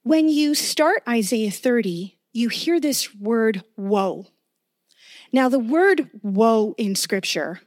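A woman's voice: a little high, lively intonation, takes it slowly, dry recording, clean studio sound. A woman giving a sermon with personal testimony, talking earnestly and conversationally and often checking in with her listeners. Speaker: preacher.

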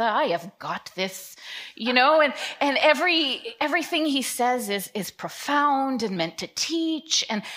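A woman in her fifties preaching in a relaxed, conversational way. Her voice sits a little high, and she keeps slipping into quick quoted voices to act out the scenes she describes. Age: 50s. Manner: animated, acts out scripture scenes in quoted voices. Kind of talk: casual conversational sermon.

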